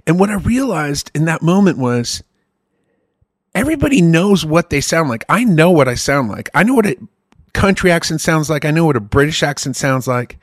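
A man co-hosting a podcast and rambling through an animated, profane story. His voice sits a little high for a man. The recording is dry and close. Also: normal speed, no room sound. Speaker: podcast co-host. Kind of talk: casual chat.

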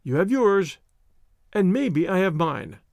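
A man's voice: high voice, very animated, slow, a little mellow, no room sound, studio quality, full character voice. A man voicing a shrewd, stubborn male police inspector who talks in a cocky, pointed way. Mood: sly, self-assured.

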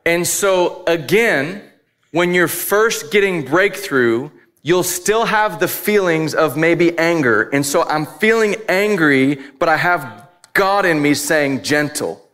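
A man's voice: on the high side, expressive, slow, fairly bright tone, faint music behind. A man who is a father of young boys, preaching a casual, conversational sermon full of asides and self-deprecating laughs. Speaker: pastor.

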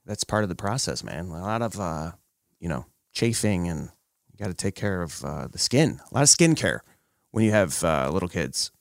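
A man in his thirties chatting on a podcast, telling jokey stories about his kids with lively put-on quotes. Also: deep voice, moderate pace, gravelly, dry recording, studio quality. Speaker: podcast co-host. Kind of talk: casual chat.

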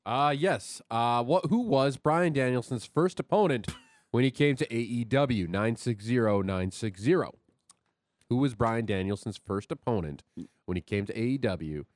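A man's voice: medium pitch, animated, normal speed, no room sound. A man on a sports radio show, chiming in briefly and reading a trivia question. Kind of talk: casual radio banter. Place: radio studio.

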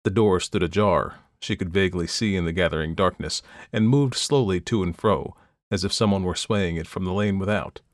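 A man narrating a classic story in a measured, even storytelling manner. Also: low-pitched, no room sound, clean studio sound. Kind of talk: audiobook reading of classic fiction.

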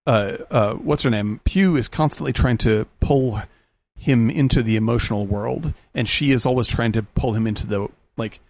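Podcast co-host, male, gravelly, rambling and enthusiastic, casual film talk. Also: medium pitch, moderate pace, a little mellow. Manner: enthusiastic, rambling, swears, laughs often.

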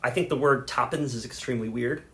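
A man's voice: medium pitch, quick pace, bright, forceful tone. A man co-hosting a casual podcast about a movie, rambling and repeating words as he starts his sentences. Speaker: podcast co-host. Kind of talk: casual chat.

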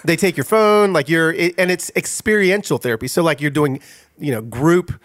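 A middle-aged man speaking a little high for a man, telling his story with animated energy and easy laughter. He is the guest author in a casual interview. The sound is dry and close with no room echo. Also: normal speed.

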